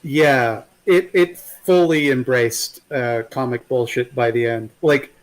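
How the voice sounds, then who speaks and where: A man's voice: medium pitch, takes it slowly, rough recording. Man, guest on a chat stream, rambling, swears a lot, restarts sentences. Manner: rambling, profane, many restarts and fillers. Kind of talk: casual chat.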